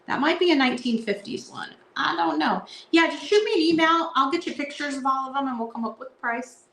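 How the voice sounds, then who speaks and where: A woman's voice: sits high, expressive, fairly quick, vocal fry, fairly bright tone, slight background noise. A woman hosting a casual live sale, chatting and reading card verses aloud in a playful sing-song. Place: indoor room at home. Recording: echoey room.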